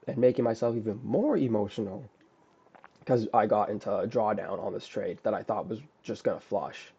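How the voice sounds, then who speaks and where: Gravelly, profane man recapping a trade. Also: on the low side, dark tone, dull audio. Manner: blunt, profane, self-critical, frequent restarts. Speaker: day trader. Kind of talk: casual trade recap over screen share.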